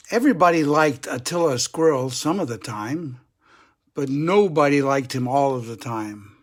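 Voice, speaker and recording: An older man, a grandfather, gently and chattily reading a children's picture book aloud to kids. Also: a little high. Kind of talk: children's story read-aloud.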